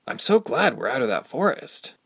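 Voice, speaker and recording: Man putting on a soft-spoken young girl from a storybook, lilting pitch, dry sound. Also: big pitch swings, normal speed, gravelly, slightly rough, no room sound, exaggerated voice. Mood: delighted. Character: young girl Ilse, gentle and wondering.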